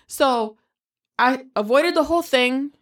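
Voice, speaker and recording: A woman in her thirties, telling a story in casual chat, animated and swearing freely. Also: sits high, a little slow.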